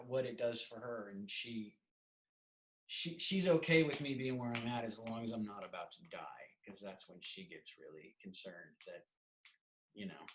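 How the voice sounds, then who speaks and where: A man's voice: on the low side, low-quality recording. A man talking casually as a podcast guest on a call, rambling with restarts and turning playful when he jokes. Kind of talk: casual video call chat.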